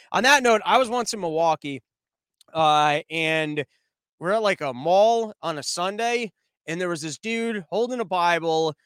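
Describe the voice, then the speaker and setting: Host type: American guy, high voice, profane sarcastic rant, dry close sound. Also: a bit bright, clear, resonant tone, no echo. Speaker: commentary show host. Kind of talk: ranting commentary monologue.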